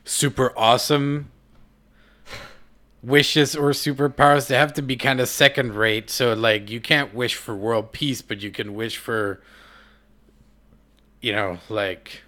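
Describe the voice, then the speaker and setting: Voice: medium pitch, steady tone, takes it slowly, long pauses, a bit bright. A podcast host in casual chat who asks playful questions, laughs often and swears.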